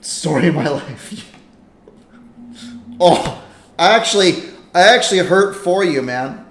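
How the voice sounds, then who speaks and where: A man hosting a live stream in casual commentary, chatty and excitable as he reacts to a game. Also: high voice, takes it slowly. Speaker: livestream host. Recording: echoey room with faint noise.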